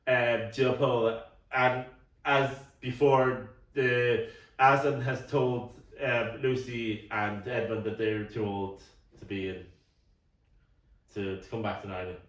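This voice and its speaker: A middle-aged man rambles through a casual podcast chat, tripping over repeated words and coughing at times. His voice is of middling pitch and sounds set back from the mic. The room around him is noticeably echoey. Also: steady tone, takes it slowly. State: coughing now and then. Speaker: podcast co-host. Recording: roomy, distant mic.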